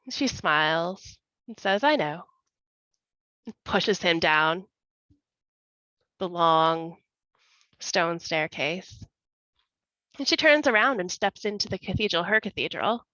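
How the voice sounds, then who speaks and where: A woman tells a dark tabletop game scene slowly and dramatically, lingering on vivid detail. Her voice is bright and forward. The recording is dry with a slightly dull, lo-fi sound. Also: on the low side, animated, no echo. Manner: slow, vivid, dramatic storytelling. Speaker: player.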